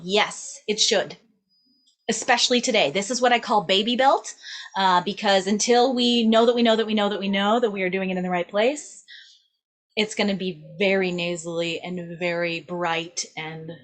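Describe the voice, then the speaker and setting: With a mid-range, fairly bright voice, this young adult woman gives a vocal lesson to camera. She is upbeat and demonstrative, checking in with "right?" after almost every phrase.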